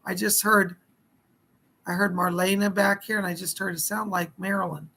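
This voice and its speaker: A hoarse man, who says he is losing his voice, giving live-streamed psychic readings in a chatty, folksy way and thanking viewers by name. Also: high voice, level tone, normal speed, pushed and bright, low-quality recording. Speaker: psychic medium.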